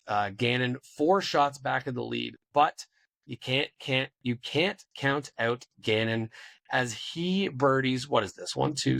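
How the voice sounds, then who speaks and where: A man's voice: mid-range voice, gravelly, fairly bright tone, no echo. A man co-hosting a podcast, enthusiastically recapping a tournament like play-by-play. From Canada. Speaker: podcast co-host. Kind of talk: casual sports recap chat.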